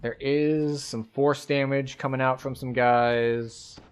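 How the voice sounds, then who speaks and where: Game streamer, male, mid-pitched, easygoing running commentary that explains each move. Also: steady tone, slow, smooth. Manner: thinks aloud, explains game mechanics at an easy pace. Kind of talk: casual gameplay commentary.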